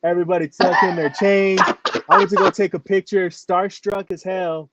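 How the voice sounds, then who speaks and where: A man's voice: high-pitched, flat delivery, normal speed, muffled recording, very noisy. A man, a rapper from New Mexico, telling stories in a casual interview, filling nearly every phrase with "like". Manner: rambling, fills with "like" constantly.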